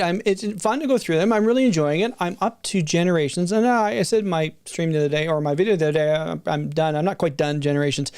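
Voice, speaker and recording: A middle-aged creator covering film releases rambles casually and unscripted, frequently restarting and adding asides. The mid-range voice is smooth and darkish, with some vocal fry.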